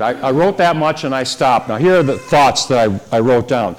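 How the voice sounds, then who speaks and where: A man's voice: medium pitch, lively intonation, moderate pace. Man preaching in a conversational tone. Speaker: pastor. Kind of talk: sermon.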